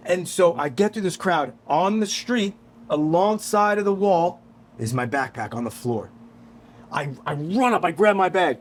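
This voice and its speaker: A man from New York sits in as a guest musician and tells a story on a podcast. He is animated and swears freely, and he acts out what people said. His voice sits a little high for a man, and faint noise runs underneath. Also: measured pace. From New York, USA. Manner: animated, profane, acts out quotes.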